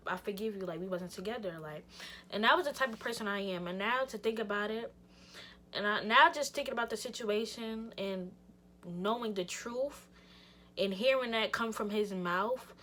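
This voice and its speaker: A young woman vlogger telling a personal story in an animated, slangy way, speaking straight to her viewers and swinging between loud outbursts and hushed near-whispers. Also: medium pitch, slight background noise. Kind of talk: casual storytime vlog.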